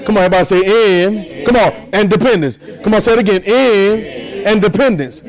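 A man's voice: high voice, steady tone, quick pace, poor audio. A man preaching a sermon, repeating phrases and leading his congregation in call and response.

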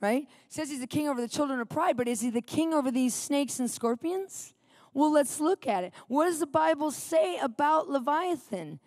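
A woman's voice: high voice, moderate pace, no echo, clean studio sound. A middle-aged woman preaching a sermon, telling a personal story and reading scripture with dramatic emphasis, often checking in with her listeners. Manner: animated, questioning the audience, dramatic scripture reading.

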